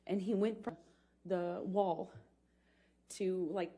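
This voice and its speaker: A woman in her thirties giving halting, hesitant testimony on a courtroom witness stand, speaking into a stand microphone. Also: lowish voice, steady tone, dark tone. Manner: halting, hesitant recounting with restarts. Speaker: trial witness.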